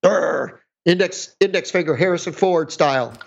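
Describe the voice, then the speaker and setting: A man's voice: on the high side, normal speed, vocal fry. A middle-aged man co-hosting a podcast, rambling in casual chat with sarcastic, self-mocking humour. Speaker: podcast co-host. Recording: dull lo-fi sound.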